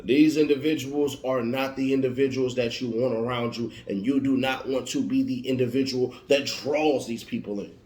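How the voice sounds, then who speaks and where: A man delivers a motivational monologue in an emphatic, preachy way, driving his points home through repetition. His voice sits at an ordinary middle pitch. The recording carries a noticeable roomy echo. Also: fairly even intonation, moderate pace, few pauses, darkish tone. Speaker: motivational speaker.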